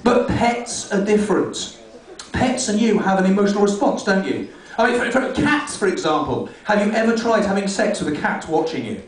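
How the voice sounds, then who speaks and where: Comedian, high voice, echoey club. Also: male voice, animated, normal speed. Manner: rambling, rude, self-mocking. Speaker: stand-up comedian. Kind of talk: stand-up comedy set. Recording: echoey club room from far off.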